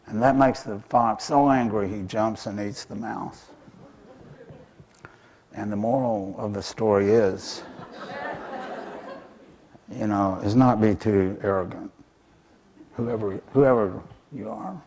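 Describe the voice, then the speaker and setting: A man's voice: on the low side, steady tone, slow, long pauses, darkish tone, slight background noise. A man telling an animal folk tale in a talk, hesitant and full of fillers. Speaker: author and speaker.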